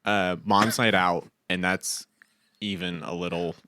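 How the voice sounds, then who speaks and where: Young male podcast co-host, animated and rambling, gravelly bright tone, dry close sound. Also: sits low, measured pace, dry recording. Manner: animated, rambling, laughs often. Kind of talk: casual chat.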